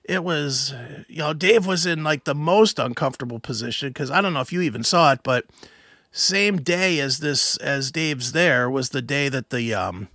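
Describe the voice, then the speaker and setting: A man co-hosting a show, telling a story in casual chat, animated and swearing, acting out other voices. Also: a little high, moderate pace, no echo, clean studio sound. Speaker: podcast co-host.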